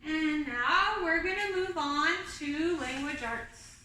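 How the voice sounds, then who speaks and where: A woman teaching a kindergarten class online, talking slowly and patiently and singing simple learning songs. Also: high-pitched, lively intonation, pushed and bright, far from the mic, slight background noise. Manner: patient, sing-song teacher talk. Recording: very echoey room, off-mic.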